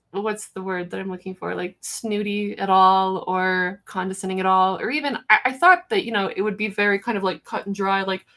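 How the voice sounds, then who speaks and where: A woman's voice: medium pitch, a bit bright. Rambling, giggly woman hosting a live Q&A. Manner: rambling and chatty, with many fillers and restarts; self-mocking and giggly. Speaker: livestream host answering viewer questions. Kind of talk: casual live Q&A chat.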